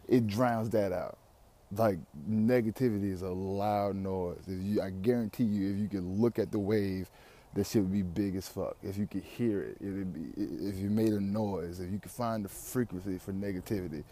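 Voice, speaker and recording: A man's voice: sits low, steady tone, normal speed, dark tone. A young man, talking through his anxiety in a candid, rambling personal monologue full of slang and profanity.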